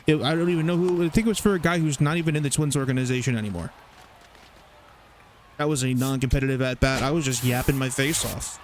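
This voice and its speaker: A young man casually commentating his baseball video game, rambling, swearing and getting excited over plays. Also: mid-range voice, quick pace, a little hiss or hum. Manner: chatty, rambling, profane, excitable. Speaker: gaming YouTuber. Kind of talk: casual let's-play commentary.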